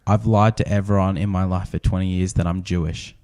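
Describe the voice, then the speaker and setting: A man's voice: low-pitched, steady tone, fairly quick, warm tone, no echo, studio quality. A man co-hosting a podcast, wry and teasing, swearing in casual chat. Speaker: podcast co-host.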